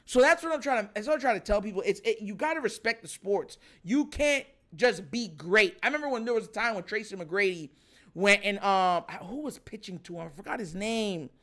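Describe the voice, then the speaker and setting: A man's voice: sits high, animated, brisk, a bit bright. A man in casual sports talk, speaking emphatically in slang, laughing often and often asking "you know what I'm saying.".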